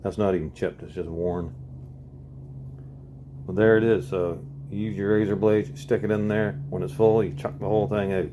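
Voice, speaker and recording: A man's voice: low voice, fairly even intonation, moderate pace, highs cut off, background noise. A man hosting a casual vlog, talking in a folksy, laid-back way with chuckles. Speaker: host.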